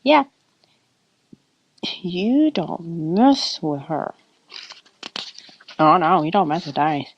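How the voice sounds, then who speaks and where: A woman's voice: fairly low pitch, very animated, drawn-out words, long pauses. A woman hosting a casual chat, playfully retelling a fan story with frequent giggles. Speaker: host. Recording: dull lo-fi recording.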